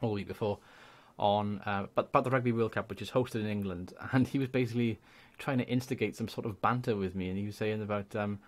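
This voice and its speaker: Chatty young Welsh man, lowish voice. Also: steady tone, quick pace, hardly any pauses. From Wales. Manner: chatty, rambling, laughs often. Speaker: YouTube gaming creator. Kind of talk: casual channel shout-out monologue.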